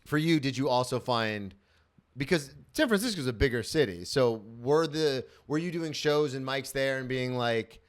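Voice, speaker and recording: A man in his thirties hosting a podcast, chatting casually and dropping into quick impressions. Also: medium pitch. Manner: animated, slips into quick impressions. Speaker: podcast host. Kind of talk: casual chat.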